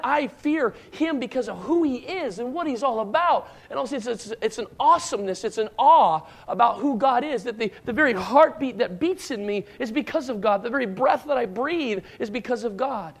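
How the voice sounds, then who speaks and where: A middle-aged man preaching a sermon as a pastor, talking in a loose, conversational way with restarts and asides. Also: extremely high pitch. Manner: conversational, rambling with restarts, acts out shouted lines in stories. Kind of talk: sermon with personal stories.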